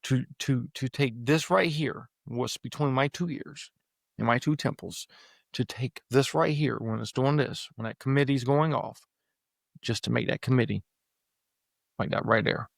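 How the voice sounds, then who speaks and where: A man's voice: mid-range voice, moderate pace, creaky, no room sound, clean studio sound. A man speaking earnestly in a conversation, repeating phrases as he searches for his words. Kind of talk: reflective conversational talk.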